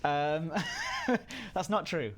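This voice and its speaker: A man's voice: a little high, lively intonation, drawn-out words. A man hosting a casual livestream, chatty and self-deprecating, reading chat messages aloud. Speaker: livestream host.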